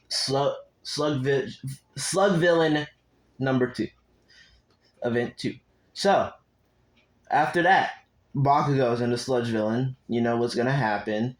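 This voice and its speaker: A man's voice: mid-range voice, low-quality recording. A young man casually improvising a fan story, rambling, cursing and breaking off to talk to his viewers. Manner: rambling and profane, with asides to viewers.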